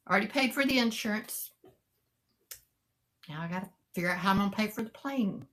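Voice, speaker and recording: A woman's voice: mid-range voice, animated, brisk, pauses often, fairly bright tone. A middle-aged woman, chatting casually and rambling to live viewers, greeting them by name. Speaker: live-sale seller and vlogger.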